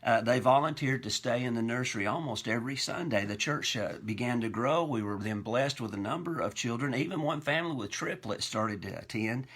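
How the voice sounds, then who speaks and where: A man's voice: medium pitch, fairly quick, hardly any pauses, a bit bright. A male pastor preaching a sermon, telling folksy anecdotes from his churches with self-deprecating humor. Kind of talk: storytelling sermon.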